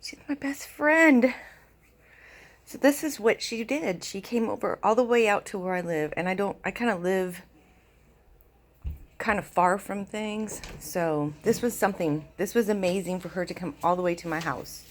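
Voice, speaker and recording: A woman and mother chatting casually and warmly gushing in a home vlog. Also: medium pitch, moderate pace. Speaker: vlogger and mother.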